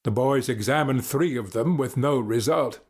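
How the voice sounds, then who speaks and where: A man narrating a story in a steady, storybook manner. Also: medium pitch, normal speed, slightly rough. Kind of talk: scripted narration.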